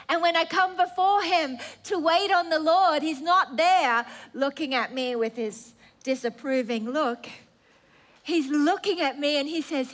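Slow, high-voiced woman preaching. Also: a bit bright. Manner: earnest, emphatic repetition. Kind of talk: sermon.

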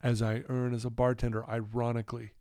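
A man's voice: mid-range voice, completely flat delivery, fairly quick, mellow, dry recording, clean studio sound. A man, a recovery counselor, telling a personal story candidly and with feeling, in his office. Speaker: addiction recovery counselor, guest.

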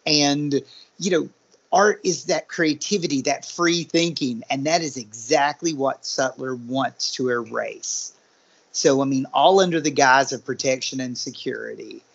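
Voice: medium pitch, unhurried, gravelly, breathy edge. A podcast co-host building a thoughtful point in a casual movie discussion. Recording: muffled lo-fi sound.

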